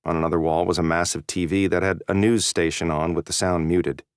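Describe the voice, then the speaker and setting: Male narrator, deep voice, measured scripted reading, dry studio sound. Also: steady tone, clear, resonant tone, no room sound. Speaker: audiobook narrator.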